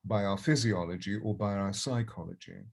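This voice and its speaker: A man's voice: lowish voice, steady tone, a little fast, gravelly. An older man, a voice and presence coach, giving expansive and reflective interview answers.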